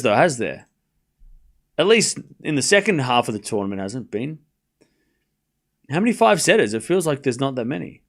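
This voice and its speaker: A man hosting a live tennis watchalong, chatting casually with viewers and calling out scores in a jokey, rambling way. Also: a little high. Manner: chatty, jokey, calls scores while reading chat. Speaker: watchalong host.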